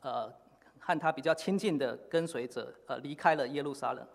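A man preaching a sermon in short phrases, pausing often with fillers for an interpreter. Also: mid-range voice, vocal fry. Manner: halting, many filler pauses. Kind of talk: sermon in Chinese with live interpretation. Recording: long hall reverb.

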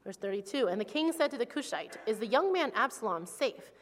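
A woman's voice: fairly high pitch, lively intonation, brisk, slight background noise. A woman interpreting a sermon into English line by line, reading scripture with feeling. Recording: long hall reverb.

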